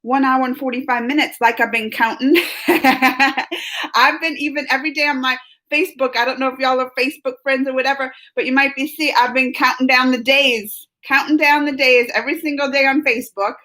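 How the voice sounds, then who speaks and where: A woman's voice: sits high, fairly even intonation, fairly quick, pushed and bright. A woman hosting a casual live stream who laughs often and greets her chat by name. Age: adult, mother of school-age kids. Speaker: livestream host.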